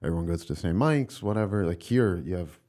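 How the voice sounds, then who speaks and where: A man's voice: low voice, expressive, fast, mellow. A young man from Long Island, a stand-up comedian chatting as a podcast guest in a rambling, laid-back way, full of filler words and swearing. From Long Island, New York. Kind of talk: casual podcast chat.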